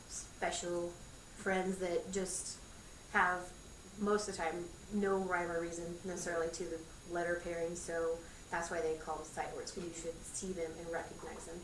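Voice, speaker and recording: A woman teacher patiently explaining sight words to parents. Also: lowish voice. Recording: echoey room, far from the mic, clear background noise.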